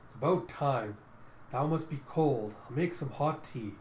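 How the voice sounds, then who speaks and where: A man's voice: mid-range voice, unhurried, a little hiss or hum, lightly acted. A man doing a smug, archaic cyborg villain. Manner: old-fashioned thou and thee speech. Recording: echoey room.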